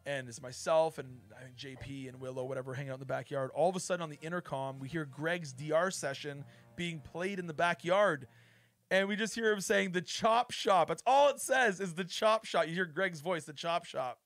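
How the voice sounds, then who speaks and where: Excitable man telling reality show stories. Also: on the high side, fairly quick. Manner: excitable storyteller, heavy swearing and "dude". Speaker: streamer host, former houseguest. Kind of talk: casual chat. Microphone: streaming mic.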